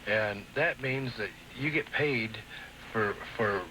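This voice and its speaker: A man as a wrestling promoter in a staged TV promo, talking in a halting, stammering, placating way. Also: lowish voice, background noise.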